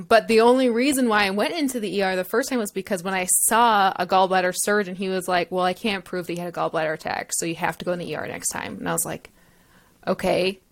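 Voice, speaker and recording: Picture a young woman in the middle of a lively story on a casual chat show. She acts out what everyone said, her voice sitting at an everyday middle pitch, and she keeps breaking into laughs as she talks. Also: creaky. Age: young adult. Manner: animated storyteller, acts out quoted dialogue; expressive, often laughing. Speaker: podcast co-host.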